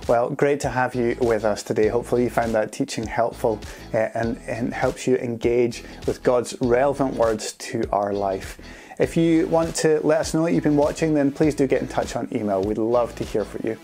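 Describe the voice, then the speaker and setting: A man gives a friendly, encouraging closing to a church broadcast. His voice is warm and mellow, and soft music plays faintly behind him. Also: mid-range voice, normal speed. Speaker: church leader closing the service.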